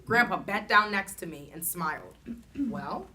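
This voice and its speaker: A woman reading a children's chapter book aloud in an expressive, animated storytelling manner. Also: mid-range voice, moderate pace, a little hiss or hum.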